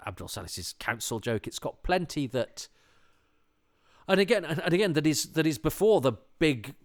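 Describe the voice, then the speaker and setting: A man's voice: fairly high pitch, big pitch swings, moderate pace. A man from England hosting a podcast, talking casually on his own, rambling with many restarts and enthusiastic asides. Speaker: podcast host. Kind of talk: casual solo commentary.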